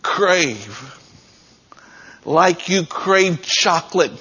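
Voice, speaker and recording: A pastor man delivers a sermon in a conversational, direct way, with a husky voice pitched a little high. He talks plainly to his congregation. The recording is dull and lo-fi. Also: lively intonation, drawn-out words, pushed and bright.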